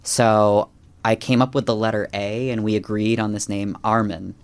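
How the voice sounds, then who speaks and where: Lower-voiced man telling a spiritual story. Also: moderate pace, clear, resonant tone. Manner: animated, acts out quoted lines in a raised voice; many fillers and restarts. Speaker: podcast guest. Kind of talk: conversational storytelling.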